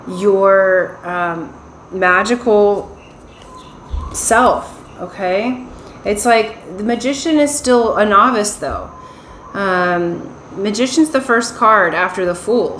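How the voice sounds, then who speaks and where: A woman talks through a pick-a-card tarot reading in an unhurried, reassuring manner. She keeps checking in with her listeners, in a voice of middling pitch. The room around her is echoey, with a faint hum of ambient noise behind her. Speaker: tarot reader.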